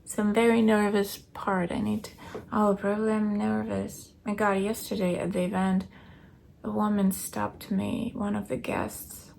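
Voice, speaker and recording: A weary woman keeping a late-night video diary at home, talking softly and often dropping into a whisper. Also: medium pitch, little pitch movement, a little slow, gravelly. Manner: soft, tired, often drops to a whisper. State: weary, low on energy.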